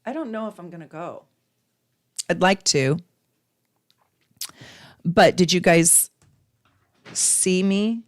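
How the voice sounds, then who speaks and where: A woman's voice: on the low side, takes it slowly, long pauses, no echo, studio quality. A woman astrologer chatting effusively on a live stream, laughing often as she gives chart readings. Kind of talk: live-stream casual chat.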